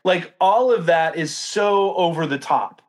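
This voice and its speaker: A man's voice: fairly high pitch, a little slow. A man co-hosting a casual book discussion, talking thoughtfully, hunting for the right word and often checking in with "right?". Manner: thoughtful, searching for words, frequent "right?" checks.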